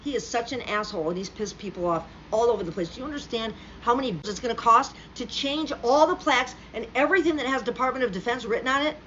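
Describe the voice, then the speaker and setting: A woman's voice: fairly high pitch, quick pace, few pauses, a bit bright. A woman delivering a profane, sarcastic political rant straight to the camera. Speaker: political commentator. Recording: slightly dull lo-fi recording with faint background hum.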